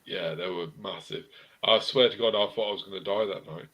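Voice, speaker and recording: A man's voice: sits low, a little fast, pushed and bright, low-quality recording. A man telling rowdy anecdotes in a casual chat, swearing freely.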